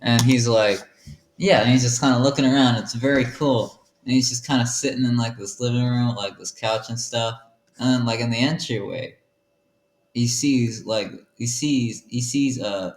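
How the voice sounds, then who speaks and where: Very deep, slow woman host rambling through improv, echoey room. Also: a little mellow. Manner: rambling, giggly, self-correcting. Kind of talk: improvised comedic storytelling.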